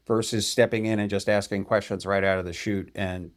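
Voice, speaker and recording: A man's voice: on the low side, steady tone, brisk. A man hosting a podcast, talking casually and working through his ideas step by step. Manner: thoughtful, explains ideas step by step. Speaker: podcast host. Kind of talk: casual conversational interview.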